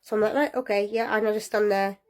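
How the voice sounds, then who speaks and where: A young woman telling a personal story in a casual, lively way, often breaking into laughter. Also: mid-range voice, fast talker.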